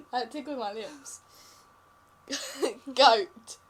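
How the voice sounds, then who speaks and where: A woman's voice: on the high side, drawn-out words, husky. A young woman in casual chat, playfully calling out animal names and giggling between them. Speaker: vlogger.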